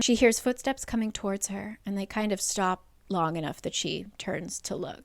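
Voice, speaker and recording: A woman's voice: medium pitch, clear, resonant tone. A woman giving a casual, chatty recap of a book's plot, peppered with "like" and the odd swear word. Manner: chatty, swearing, heavy use of "like". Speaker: book recap creator.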